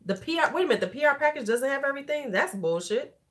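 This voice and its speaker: Tipsy middle-aged woman, loud and chatty beauty vlogger, swears easily. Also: high voice, animated, fast. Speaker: beauty YouTuber. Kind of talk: casual livestream chat.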